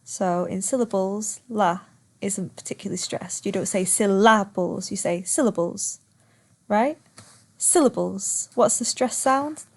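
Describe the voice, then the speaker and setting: A woman gives a recorded online lesson at an ordinary, mid-height pitch. She talks patiently and steps through each point one by one, stretching words out slowly to demonstrate them. Faint keyboard typing can be heard in the background. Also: darkish tone, breathy edge. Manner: patient, explains step by step, stretches words to show stress. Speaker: teacher.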